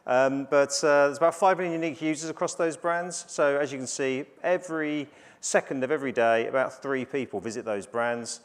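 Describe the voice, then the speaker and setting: A man's voice: mid-range voice, brisk, clear, resonant tone. A middle-aged man from the UK giving a business conference presentation, conversational with many fillers and restarts. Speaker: conference speaker. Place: conference stage.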